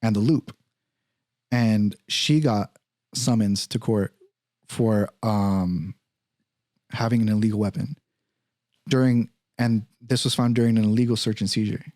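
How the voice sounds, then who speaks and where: A man's voice: fairly low pitch, unhurried, pauses often, no echo, studio quality. A man hosting a podcast, telling a story in casual, profane talk and acting out what others said. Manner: profane, animated, acts out quoted voices. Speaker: podcast host.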